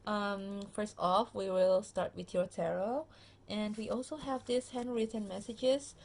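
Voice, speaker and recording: A tired woman gives a relaxed pick-a-card tarot reading straight to her viewers. Her voice has a gravelly fry and sits at an ordinary middle pitch. She speaks loosely into her phone camera, full of ums and restarts. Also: unhurried. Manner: chatty, many fillers and restarts, addresses viewer directly. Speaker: tarot reader.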